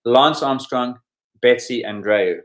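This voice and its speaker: A man hosts a sports quiz podcast at a mid-range pitch. He goes over the answers in a relaxed, explanatory way and adds chatty asides. He talks like a quizmaster at a podcast microphone. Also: slow pace. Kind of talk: casual quiz commentary.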